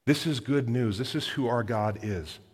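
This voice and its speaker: A man's voice: medium pitch, moderate pace, darkish tone, breathy edge. A man preaching a sermon in a mid-range voice, repeating his phrases for emphasis and addressing the congregation head-on. His words carry a long, ringing reverb from the large church hall. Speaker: pastor.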